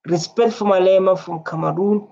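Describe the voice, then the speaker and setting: A man's voice: high-pitched, fairly even intonation, moderate pace, vocal fry, mellow, lo-fi sound. A man hosting a reaction video, reading out viewer comments and repeating himself as he muses. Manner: repetitive, reads viewer comments aloud.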